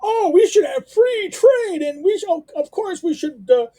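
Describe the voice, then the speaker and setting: A man's voice: extremely high pitch, lively intonation, moderate pace, mellow, pitched above the performer's own voice. A man voicing a mocking impression of a male free-trade enthusiast in an exaggerated, sing-song manner.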